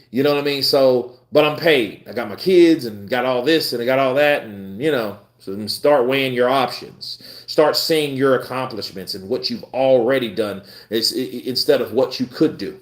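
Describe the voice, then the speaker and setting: A man hosting a live boxing stream, chatting casually with his viewers in a blunt, profane, animated way. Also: medium pitch, moderate pace, few pauses. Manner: animated, profane, talks back to chat. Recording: roomy echo.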